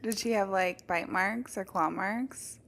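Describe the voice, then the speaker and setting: A woman's voice: medium pitch, unhurried, gravelly, a bit bright. A woman co-hosting a podcast in casual chat, probing for details with pointed questions. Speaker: podcast co-host.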